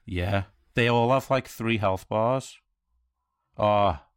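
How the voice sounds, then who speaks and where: A man co-hosting a casual podcast, blunt and sweary, retelling things quickly. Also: lowish voice, clean tone, dry recording. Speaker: podcast co-host. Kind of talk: casual chat about video games.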